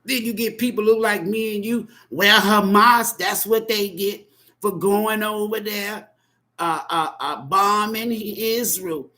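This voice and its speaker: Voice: mid-range voice, steady tone, slow pace, pushed and bright. Profane, emphatic tarot reader ranting. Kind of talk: impassioned spoken monologue.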